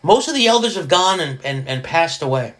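A man talks alone on his podcast in a loose, meandering way, circling back and restarting his thoughts. His voice sits a little high for a man. Now and then he drops into quick joking voices. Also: expressive, a bit bright. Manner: rambling, restarts sentences often; slips into jokey put-on voices. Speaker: podcast host. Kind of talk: casual solo podcast monologue.

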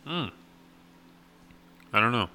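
A man's voice: medium pitch, lively intonation, slow, bright, forceful tone. A young man in casual chat, dropping blunt, dry one-liners and telling stories.

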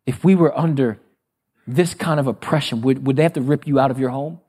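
A middle-aged male pastor preaching a sermon, firing questions at the congregation and swinging between loud rising calls and low, quiet asides. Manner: preaching with call-and-response questions.

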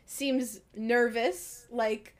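Young woman, higher voice, giggly, casual podcast chat, swears freely. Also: steady tone, extremely slow. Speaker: podcast co-host.

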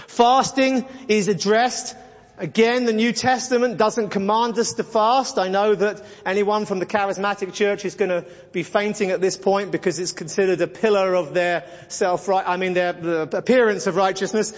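A man with a strikingly high voice preaches a Bible teaching in a blunt, sarcastic way, mimicking other people as he goes. His voice rings through a long hall reverb on a dull, muffled recording. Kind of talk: sermon-style Bible teaching.

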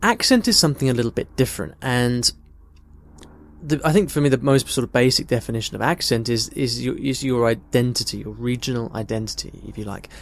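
A man's voice: mid-range voice, brisk, gravelly. A man from the United Kingdom, an English teacher casually explaining and answering a listener's question in a thoughtful, conversational way. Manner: thoughtful, conversational, tells personal stories.

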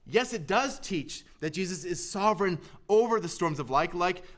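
Earnest preacher man, loud to hushed. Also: sits high, animated, moderate pace. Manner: earnest, swings from loud emphasis to hushed, near-whispered lines. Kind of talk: sermon.

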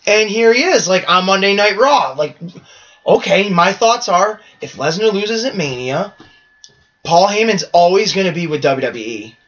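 A man co-hosting a podcast in casual wrestling chat, rambling and animated, swearing freely. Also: sits high, moderate pace, dull audio. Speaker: podcast co-host.

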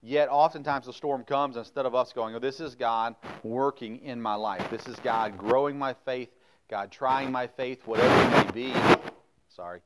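A middle-aged man leads a sermon in an easygoing, conversational tone. His voice sits at an ordinary medium pitch. He moves from reading scripture in old-fashioned wording to folksy explanation sprinkled with fillers. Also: normal speed. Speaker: preacher. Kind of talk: casual sermon with Bible reading.

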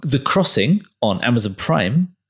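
A man's voice: medium pitch, big pitch swings, a little slow, slightly rough. A man hosting a casual podcast chat, giving opinionated takes with sarcastic asides and lots of ums. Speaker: podcast host.

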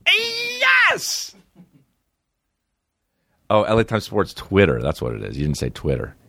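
Deep-voiced guy hosting a comedy podcast, swears a lot, voice jumps all over, dry studio sound. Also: big pitch swings, quick pace, gravelly, no echo. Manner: profane, mocking, swings between mumbling and outbursts. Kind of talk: crude rambling comic chat.

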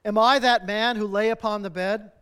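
A man reading aloud as a remorseful old miser pleading with a ghostly spirit, his high voice strained and loud. The tone stays smooth and clear, a storybook reading raised into desperate begging. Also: moderate pace, lightly acted.

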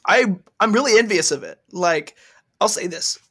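Give me a high-pitched man from Texas rambling playfully as he hosts a podcast. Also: lively intonation, normal speed, bright, forceful tone. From Texas, United States. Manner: rambling, playful, trails off into filler. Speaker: podcast host. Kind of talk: casual chat.

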